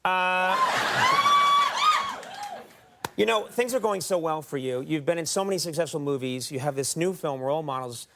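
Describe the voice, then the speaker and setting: A man's voice: high voice, huge pitch swings, a little slow, long pauses, bright, forceful tone. A man hosting a late-night talk show, teasing and joking with his guest in front of a studio audience. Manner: jokey, teasing, playful. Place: television studio with live audience. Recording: audience noise and studio clatter.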